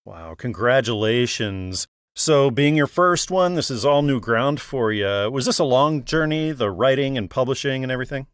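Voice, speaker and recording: A man's voice: medium pitch, expressive, moderate pace, few pauses, no room sound, clean studio sound. A man hosting a book interview show, upbeat and reading out book details. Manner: enthusiastic, reads book details. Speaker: interview host.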